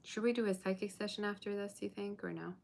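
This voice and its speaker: A woman's voice: medium pitch, steady tone, fast talker, vocal fry, a little mellow. A woman giving a live tarot reading, chatting and reassuring viewers and replying to their comments. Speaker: tarot reader. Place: borrowed room, indoors.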